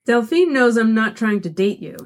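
A woman voicing a blunt, snappy young woman, a high school senior, who talks with brusque exasperation. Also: animated, normal speed, natural voice.

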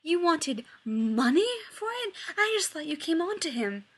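A woman reading a story aloud, voicing an irritable, sharp-tongued male scientist who bursts out loudly. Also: high voice, moderate pace, voice pushed up. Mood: furious. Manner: exasperated, loud outbursts.

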